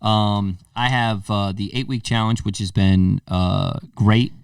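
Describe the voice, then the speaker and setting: A man's voice: lowish voice, slow, vocal fry, smooth, no echo, clean studio sound, far from the mic. A man in his thirties hosting a podcast, telling a story casually and acting out the voices in it. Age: 30s. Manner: animated storyteller, acts out quotes. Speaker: podcast host.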